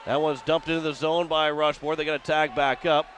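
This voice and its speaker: A man's voice: a little high, flat delivery, a crowd in the background. A man from Missouri calling hockey play-by-play for radio, rattling off the action and rising as plays build. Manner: rapid running description, rising with the action. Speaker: play-by-play announcer.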